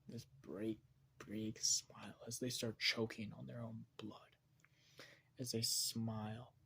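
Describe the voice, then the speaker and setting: A man improvising a dark story aloud, rambling and hesitant, often correcting himself. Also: lowish voice, level tone, slow pace, vocal fry, a little hiss or hum.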